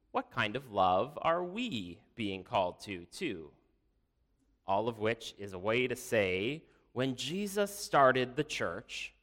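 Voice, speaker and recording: Give me a male preacher with a lively, dramatic storytelling delivery, recorded with a long hall reverb. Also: mid-range voice. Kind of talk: sermon with storytelling.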